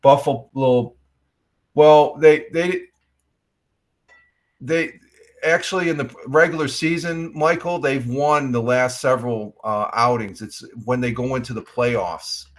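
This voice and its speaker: A man's voice: mid-range voice, slow pace. Rambling man chatting on a livestream. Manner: rambling, reads chat aloud, many fillers. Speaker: livestream host. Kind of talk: casual live-stream chat.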